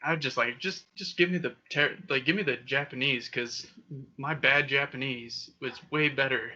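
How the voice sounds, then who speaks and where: A young man with a very bright, forward voice tells crude stories and laughs a lot. He is co-hosting a casual podcast. The recording sounds dull and lo-fi. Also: medium pitch, moderate pace. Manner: crude, storytelling, laughs often. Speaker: podcast co-host. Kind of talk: casual chat. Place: Okinawa.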